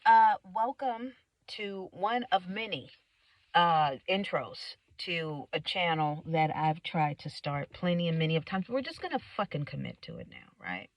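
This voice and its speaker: A woman's voice: lowish voice, expressive, unhurried, low-quality recording. A woman from the United States vlogging in a casual, rambling, profane rant. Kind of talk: casual ranting monologue.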